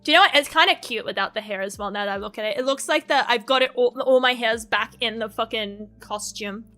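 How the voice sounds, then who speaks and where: High, bright woman streamer. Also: fast, faint music behind. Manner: rambling, crude and profane, laughs often. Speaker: VTuber streamer. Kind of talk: casual livestream chat.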